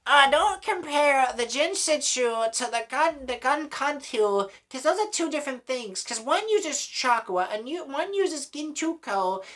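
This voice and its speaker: A man voicing a pedantic young male anime fan who corrects everyone in a high, whiny tone. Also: animated, measured pace, few pauses, fairly bright tone, exaggerated voice. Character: whiny know-it-all male anime nerd.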